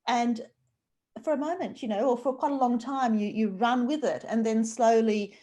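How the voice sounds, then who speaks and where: A woman's voice: fairly high pitch, normal speed, warm tone. A woman with an Australian accent moderating a live festival conversation with a novelist, speaking in an enthusiastic, conversational way. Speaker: interviewer and moderator.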